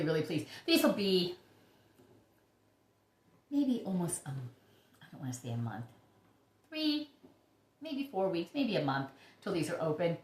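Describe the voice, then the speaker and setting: A woman hosting a casual vlog about her orchids, chatty and gushing with breathy exclamations. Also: medium pitch. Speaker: orchid YouTuber. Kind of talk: casual show-and-tell vlog. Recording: echoey room.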